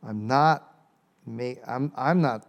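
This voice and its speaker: Male speaker for a church talk, conversational, medium pitch, tags lines with "okay?", slows down to read verses. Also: creaky. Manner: conversational, keeps checking in with "okay?" and reads verses aloud slowly. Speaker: speaker teaching a church audience about Quran passages. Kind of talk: informal lecture with audience questions.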